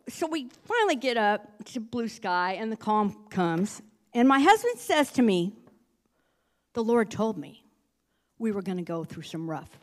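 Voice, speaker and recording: A middle-aged woman shares a personal story from the pulpit with lively, expressive delivery. Her voice sits at an ordinary pitch for a woman. She slows down and softens when she reads scripture. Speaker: church speaker sharing a testimony. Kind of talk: testimony in a church service.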